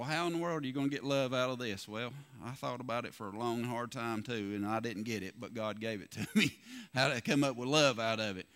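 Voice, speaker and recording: Guy preaching in church, folksy, lots of didn't he, isn't it. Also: medium pitch. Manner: folksy, lively preaching with rhetorical questions. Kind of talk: sermon.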